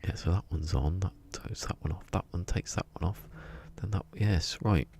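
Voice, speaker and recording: Man, deep voice, gravelly, rambling stream chatter, muttering to himself. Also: moderate pace, darkish tone, a little hiss or hum. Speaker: game streamer. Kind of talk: casual live-stream chat while playing.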